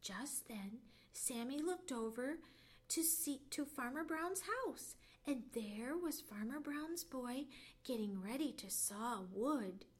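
A woman librarian reading a children's storybook aloud with gentle, expressive storytelling. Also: high-pitched, takes it slowly.

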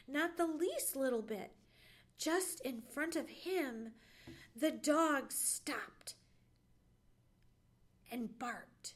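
High, lively librarian reading a story. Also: female voice. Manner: expressive storytelling. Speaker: children's librarian. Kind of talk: bedtime story read-aloud.

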